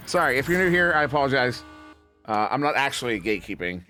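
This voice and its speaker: A man casting an esports match, goofy and rambling between plays, then excited play-by-play calls. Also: mid-range voice, quick pace, soft background music. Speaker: esports caster. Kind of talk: play-by-play commentary.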